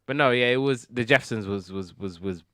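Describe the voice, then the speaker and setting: A man's voice: medium pitch, a little fast, fairly bright tone, no room sound. A British man hosting a casual TV review podcast, enthusiastic and rambling with repeated words. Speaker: podcast host.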